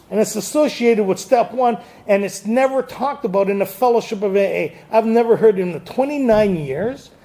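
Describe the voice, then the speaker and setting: High, gravelly-voiced man quizzing a room. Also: mellow. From Canada. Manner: quizzes the audience, joking and laughing. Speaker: AA speaker leading a Big Book study. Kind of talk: lively talk to a recovery group. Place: meeting room with audience.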